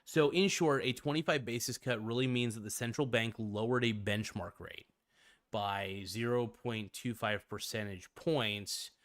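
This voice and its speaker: A man's voice: mid-range voice, measured pace, a bit bright, dry recording, studio quality. Slangy man hosting a finance livestream. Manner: loose, slangy, rambling with restarts. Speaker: livestream host. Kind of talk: casual livestream finance talk.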